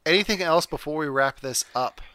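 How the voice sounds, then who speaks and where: A man's voice: a little high, fairly quick, bright, forceful tone. A man hosting a casual movie podcast, talking in a rambling way with lots of fillers and restarts. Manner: rambling, hesitant, many fillers. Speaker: podcast host.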